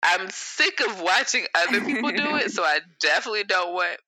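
Very bright animated woman co-host. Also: mid-range voice, fairly quick, no echo, low-quality recording. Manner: animated storytelling, acts out quotes. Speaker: podcast co-host. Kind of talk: casual chat.

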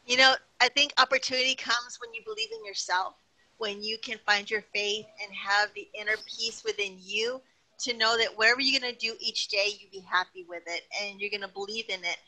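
A middle-aged woman, a retired wrestling personality, chatting as a guest in an interview and telling lively anecdotes. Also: a little high, brisk, rough recording. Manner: animated, chatty, tells anecdotes with acted-out quotes. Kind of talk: casual interview storytelling.

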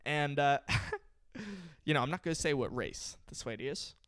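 A man co-hosting a comedy podcast, telling family stories in a casual, animated way and acting out what people said. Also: a little high, measured pace, no room sound, clean studio sound. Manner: animated storyteller who acts out quotes.

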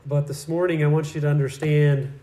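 Pastor guy preaching, chatty and storytelling, slightly high voice, roomy echo. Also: flat delivery, brisk, warm tone. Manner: conversational, storytelling with asides. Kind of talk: sermon.

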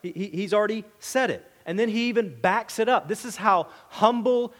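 Man, high voice, conversational sermon, repeats himself, long reverb. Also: moderate pace. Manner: conversational, asks rhetorical questions, repeats and restarts words; voices the crowd's demand in a higher, louder tone. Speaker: preacher. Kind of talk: expository sermon.

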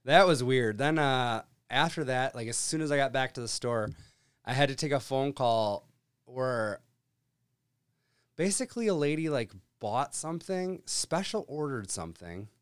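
A man casually telling a profane, animated story from his workday. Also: medium pitch, normal speed, smooth, no room sound.

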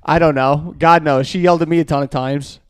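A man with a notably high voice co-hosts a podcast in loose, jokey conversation. He keeps slipping into brief put-on voices of other people. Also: fairly even intonation, clean tone. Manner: joking, puts on quick voices. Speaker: podcast co-host. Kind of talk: casual chat.

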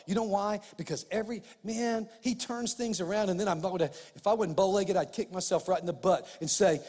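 A middle-aged male pastor preaching a sermon, animated, swinging between loud emphasis and quiet asides. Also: high-pitched, brisk, few pauses, in a large hall.

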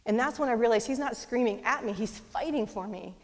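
A middle-aged woman telling a personal story in a fast, animated way, with lively voices for the people she quotes. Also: a little high. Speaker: speaker. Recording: long hall reverb.

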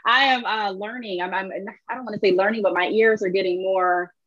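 A woman with a Michigan accent hosts a podcast, telling quick, animated stories with plenty of laughter. Her voice sits at a middle pitch. The recording is dry and a bit muffled. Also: no echo. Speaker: podcast host. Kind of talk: casual interview chat.

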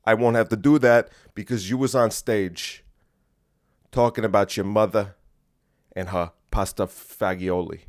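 Low-voiced mob enforcer, slow and quietly threatening, as a podcaster puts him on. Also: male voice, fairly even intonation, no echo, studio quality, natural voice. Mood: menacing. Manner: slow, drawn-out menacing delivery. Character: menacing Italian-American mobster man threatening kneecaps.

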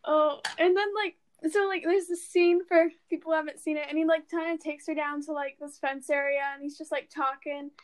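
A woman's voice: high voice, fairly even intonation, brisk, few pauses. A young woman co-hosting a podcast in casual chat, giggling and acting out movie lines. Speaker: podcast co-host.

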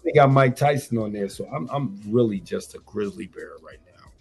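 A man talks big as a radio guest, rambling through boasts in loose profane slang. His voice has a gravelly, rough edge and a husky grain, with faint music underneath. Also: lowish voice, normal speed. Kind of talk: boastful casual chat.

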